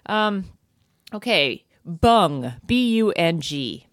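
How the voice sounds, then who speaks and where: A woman's voice: lowish voice, big pitch swings, extremely slow, dry recording, studio quality. A woman co-hosting a casual chat, playful and laughing often as she quizzes her partner. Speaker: podcast co-host.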